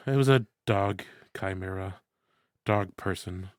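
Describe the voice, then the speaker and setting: A man's voice: deep voice, unhurried, no echo, clean studio sound. A man co-hosting a podcast in casual banter, rambling and playful, often tripping over his words. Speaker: podcast co-host.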